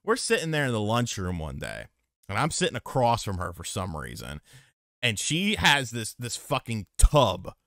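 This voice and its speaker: A man's voice: fairly low pitch, normal speed, creaky, no room sound, clean studio sound. A man co-hosting a podcast, chatting casually and telling stories with lots of swearing. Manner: profane, animated storytelling. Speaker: podcast co-host. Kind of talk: casual chat.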